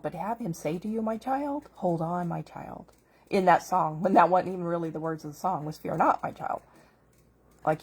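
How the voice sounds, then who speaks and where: A woman's voice: mid-range voice, slightly rough. A middle-aged woman telling a heartfelt personal faith story in an earnest, casual way. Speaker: vlogger.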